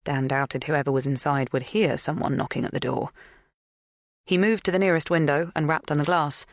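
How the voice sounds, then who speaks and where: A woman narrating a suspense audiobook in a measured, even reading. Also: sits low, no room sound. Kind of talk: scripted narration.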